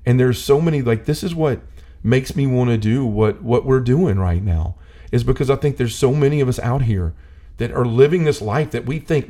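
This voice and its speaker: A man's voice: medium pitch, normal speed, warm tone. A man talking earnestly about faith in a casual discussion, full of "like" fillers, building to a preachy intensity.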